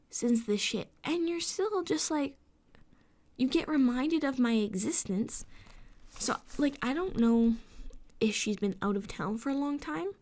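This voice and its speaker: Late at night and unable to sleep, a woman vlogger rants at the camera, sarcastic, frustrated and constantly swearing, occasionally lowering to a whisper and then climbing back up. Her voice is fairly high, a little mellow and animated, and her pace unhurried.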